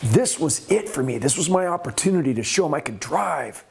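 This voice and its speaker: A middle-aged man hosting and telling his own stunt stories in a casual, animated way, acting out the people in them. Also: a little high, fairly quick, vocal fry, husky. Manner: animated, acts out quoted voices, rising excitement. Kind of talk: casual storytelling.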